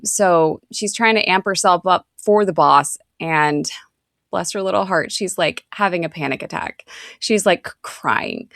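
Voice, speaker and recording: Chatty woman with a gravelly low voice. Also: a little slow, a bit bright, dry recording, studio quality. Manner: chatty, rambling, many fillers. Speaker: podcast co-host. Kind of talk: casual chat.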